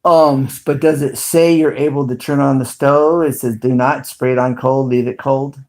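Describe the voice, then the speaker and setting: A man's voice: medium pitch, steady tone, normal speed, darkish tone. Middle-aged male host, casual rambling livestream chat, mid-range voice, frequent ums. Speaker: video host.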